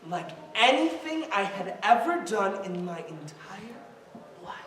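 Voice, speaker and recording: His high, slightly bright voice is very animated yet unhurried as he plays storyteller for children at a mosque family night. He mixes jokes into the story in a playful, theatrical way. Children call out in the background of the distant, echoey hall recording.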